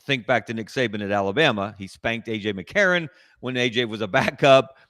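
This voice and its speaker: A man's voice: mid-range voice, fairly bright tone, dry recording. Analytical man on a dry call. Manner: measured, analytical, building points with lists. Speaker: guest sports columnist. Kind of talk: casual sports talk discussion.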